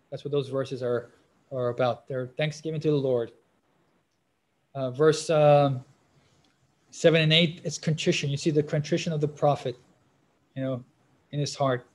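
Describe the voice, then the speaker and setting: A man preaching a sermon, pausing often on fillers and restarts, getting louder and more forceful when he reads scripture aloud. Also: a little high.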